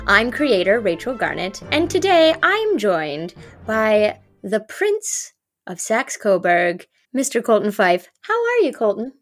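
A woman hosting a podcast she created, chatting in a casual, upbeat way with quick asides. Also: mid-range voice, very animated, faint music behind. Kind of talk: casual interview chat.

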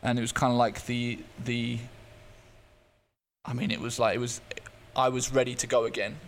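Man, interview guest, mid-pitched voice, stop-start delivery, faint background hiss. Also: level tone. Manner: halting, frequent restarts and fillers; earnest and emotionally open. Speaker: podcast guest. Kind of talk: candid personal storytelling.

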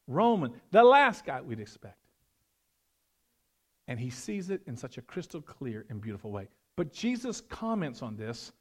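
A male pastor preaching a sermon, animated, swinging between loud emphasis and hushed, prayerful tones. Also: sits high.

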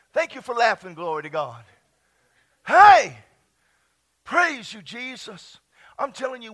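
A high-voiced male pastor preaching with exuberant energy, his pitch leaping all over as he whoops and shouts out scripture. His tone is bright and forceful, and he laughs at his own jokes from the pulpit. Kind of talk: lively sermon. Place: church.

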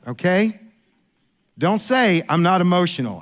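A man preaching from the pulpit in a high, lifted voice. He presses his points hard and repeats phrases as he builds. At times he drops to a quiet hush. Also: animated, normal speed. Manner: emphatic, repeats phrases and restarts, swings from raised voice to near whisper. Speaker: pastor. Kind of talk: sermon.

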